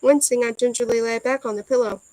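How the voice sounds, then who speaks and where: A woman reading a first-person novel aloud in a soft, earnest storytelling manner. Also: a little high, steady tone, fast, no echo, rough recording. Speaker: audiobook reader.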